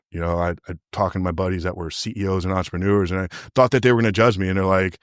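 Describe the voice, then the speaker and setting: A man's voice: low-pitched, steady tone, fast talker, few pauses, dry recording, studio quality. A man, a podcast guest and coach, telling a personal story in a candid, emotional way, full of fillers and restarts. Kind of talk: casual interview storytelling.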